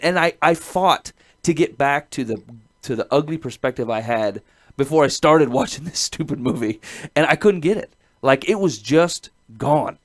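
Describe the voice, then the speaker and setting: Brief: middle-aged male podcast host, earnest rambling storyteller, mid-pitched voice, laughs between phrases. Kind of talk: casual chat.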